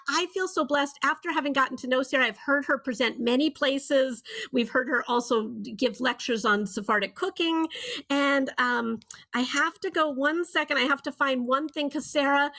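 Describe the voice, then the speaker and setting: A woman, a co-author, warmly introducing a guest at an online book event, enthusiastic and often restarting her sentences. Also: high voice, no room sound, poor audio. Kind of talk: casual online event talk.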